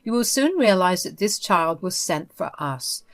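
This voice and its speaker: Woman reading as a defiant unhinged sister-in-law in a storybook, possessive and dismissive, a bit low. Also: lively intonation, measured pace. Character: unhinged female sister-in-law who took a baby.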